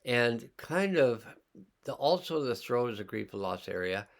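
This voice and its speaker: A man teaching a healing class, slowly and calmly talking listeners through sensing their body and emotions. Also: medium pitch, creaky. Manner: slow, calm, pausing, guiding listeners' awareness. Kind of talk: slow guided healing demonstration.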